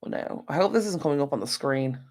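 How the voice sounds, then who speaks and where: A man's voice: a little high, expressive, fast, darkish tone. A man with an Irish accent hosting a casual live stream from home, tired and yawning, rambling and talking straight to his viewers through an external microphone. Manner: rambling, chatty, talks to viewers directly. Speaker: channel host.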